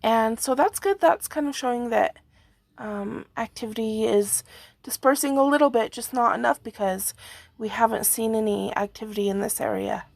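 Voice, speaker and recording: A hoarse woman with a rambling manner, giving a casual video update on earthquakes. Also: a little high, normal speed, no room sound. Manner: rambling, frequent fillers and yawns. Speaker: earthquake forecast vlogger.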